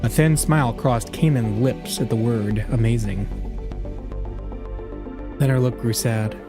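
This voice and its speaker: A man's voice: mid-range voice, steady tone, a little slow, music in the background. A man hosting a let's play, reading a visual novel aloud with casual, jokey asides.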